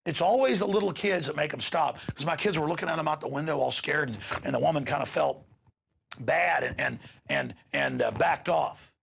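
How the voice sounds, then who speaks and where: Gravelly ranting man. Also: on the high side, brisk, a bit bright, slight background noise. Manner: ranting, emphatic, repeats words when worked up. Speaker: radio show host. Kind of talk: impassioned monologue to listeners.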